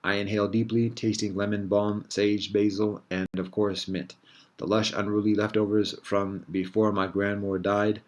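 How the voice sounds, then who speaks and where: A man reads his own first-person literary story aloud. He reads in a measured, reflective way with soft pauses. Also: lowish voice, little pitch movement. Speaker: author reading his story.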